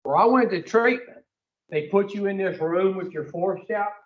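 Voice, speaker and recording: A man's voice: high-pitched, moderate pace, echoey room, distant mic, lo-fi sound. A man giving a blunt, profane recovery talk to a group, telling his story and putting questions to the room. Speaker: recovery speaker.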